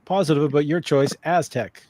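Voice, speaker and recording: A man's voice: fairly high pitch, a little fast, a little mellow, no echo. A man hosting a comedy game show stream, loose and chatty with lots of fillers and restarts.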